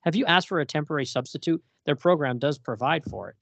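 A man voicing a calm, stern female fortune-teller from a comic in a measured, commanding way, close to his own voice. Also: a little high, creaky, dry recording, pitched above the performer's own voice. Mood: counseling.

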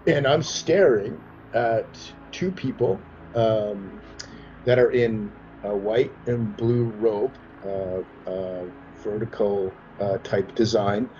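A man hosting a podcast, telling a story with animated energy and acting out the voices in it. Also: on the low side, slow, highs cut off, slight background noise. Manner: expressive, acts out voices in his anecdotes. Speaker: podcast host.

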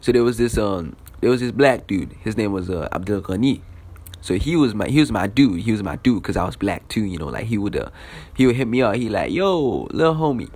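Young guy, casual profane storyteller, lots of "you know" and "like", swinging pitch. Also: expressive, brisk, a little mellow, husky. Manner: loose, profane, filler-heavy.

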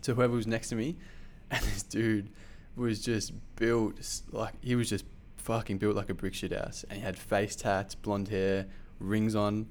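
A man telling a story in casual chat, animated and swearing freely, with lots of fillers. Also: lowish voice, unhurried, hardly any pauses.

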